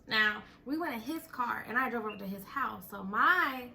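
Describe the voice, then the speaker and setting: A young woman telling a story in casual chat, animated and breaking into laughter as she retells it. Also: a little high, normal speed, vocal fry, slight background noise. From Texas. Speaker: storyteller host.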